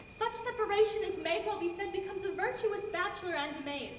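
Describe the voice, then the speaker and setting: A young woman playing a modest, gentle young woman in love, speaking soft verse on stage in an echoey hall, heard from afar. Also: very high-pitched, expressive, a little fast. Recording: echoey hall from far off, with noise.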